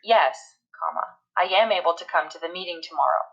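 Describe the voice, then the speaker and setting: A woman teaching a recorded English grammar lesson, explaining step by step and reading examples aloud slowly. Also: on the low side, fairly bright tone, husky, highs cut off.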